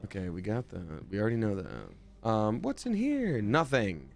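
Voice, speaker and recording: A man's voice: lowish voice, huge pitch swings, normal speed, creaky. A man giving live gameplay commentary as a streamer, chatty and jokey, thanking viewers from chat as he plays.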